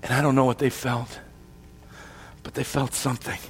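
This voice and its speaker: A male preacher, husky-voiced, telling a story from the pulpit with dramatic swings in volume. Long reverb of a large hall hangs on his words. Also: mid-range voice, flat delivery, moderate pace. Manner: dramatic, swings between soft and loud. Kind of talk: sermon retelling a story.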